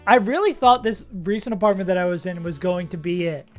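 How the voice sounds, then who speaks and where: A young adult streamer plays a game while chatting casually with viewers and reacting out loud. The voice is medium-pitched and brisk, with faint music in the background.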